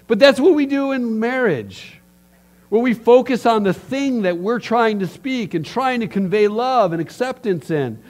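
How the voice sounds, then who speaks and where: Speaking at a moderate pace in a high voice, a middle-aged pastor delivers a sermon full of stories. He tells them with animation, acting out the voices of the people in them.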